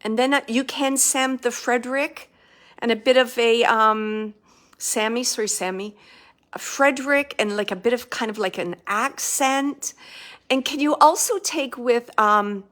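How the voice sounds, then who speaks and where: A woman working as a psychic medium, giving a live spirit reading in a halting, emotional way with many fillers and restarts. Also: a little high, fairly bright tone.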